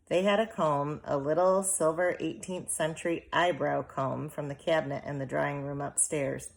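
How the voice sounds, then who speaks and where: A woman with a deep, low voice narrates a children's book aloud. Her reading is steady and measured, calm from line to line. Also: gravelly. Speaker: audiobook reader. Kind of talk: storybook narration.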